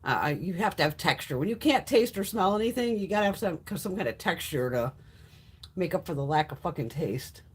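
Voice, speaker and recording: A woman's voice: fairly low pitch, animated, brisk, slightly rough. A woman hosting a casual beauty haul live stream, chatty and blunt, swearing freely as she greets viewers. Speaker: beauty livestream host.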